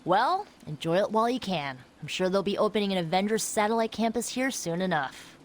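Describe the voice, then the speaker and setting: A woman's voice: medium pitch, lively intonation, a little fast, natural voice. An actress playing a blunt, sarcastic young woman hero who vents her frustration in a video game. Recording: game audio with music.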